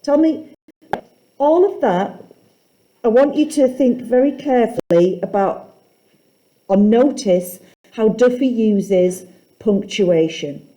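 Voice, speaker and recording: A woman teacher leads a poetry lesson at an unhurried pace. Her voice is dark and mellow, and she questions the class and reads lines aloud slowly. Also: fairly high pitch, expressive.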